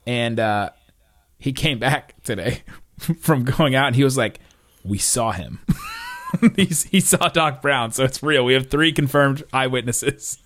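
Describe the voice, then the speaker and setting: A man's voice: medium pitch, unhurried, fairly bright tone. A man from Florida co-hosting a podcast, telling stories in a casual chat and laughing often. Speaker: podcast co-host.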